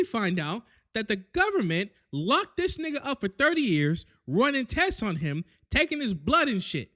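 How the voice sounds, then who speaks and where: A man telling a crude, comedic recap of a show, full of slang and quick character asides. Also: high voice, big pitch swings, bright, forceful tone. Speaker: recap host.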